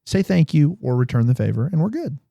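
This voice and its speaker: A man's voice: on the high side, very animated, brisk, creaky, dark tone, no echo, clean studio sound. A man co-hosting a podcast, chatting casually in a rambling, self-correcting way. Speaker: podcast co-host. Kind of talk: casual chat.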